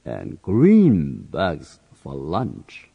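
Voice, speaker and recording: A man reading a simple story aloud in short phrases, slowly and evenly, so that learners can repeat each one. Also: rumbling low, huge pitch swings, vocal fry, breathy edge, phone-quality sound. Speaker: reading teacher.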